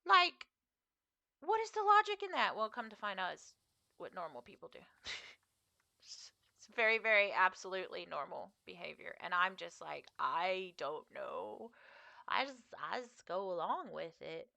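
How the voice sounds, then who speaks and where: A woman's voice: medium pitch, big pitch swings, moderate pace, creaky, bright, forceful tone, dry recording. A young woman streamer chatting casually with her viewers while she plays, rambling with frequent fillers and laughs. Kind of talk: casual live-stream chat while gaming.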